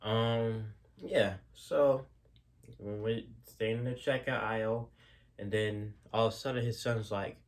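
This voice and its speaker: Low-voiced man casually rambling stories. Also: fairly even intonation, slow. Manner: rambling, with many fillers and restarts, casual slang. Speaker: storyteller. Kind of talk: casual spoken storytelling.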